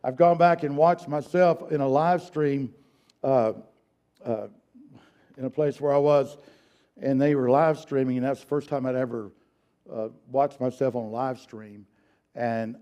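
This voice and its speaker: A man's voice: medium pitch, mellow. A man teaching a song leading workshop, counting beats aloud for the group to copy, in a folksy way with many restarts and repeated words. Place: church meeting room. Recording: dull lo-fi sound.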